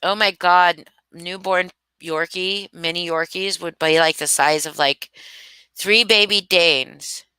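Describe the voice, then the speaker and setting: Bright, crisp-voiced woman gushing on a stream. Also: fairly low pitch, fairly even intonation, slow, no echo. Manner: gushing, swears freely, laughs often. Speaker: live stream host. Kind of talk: casual live chat. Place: home.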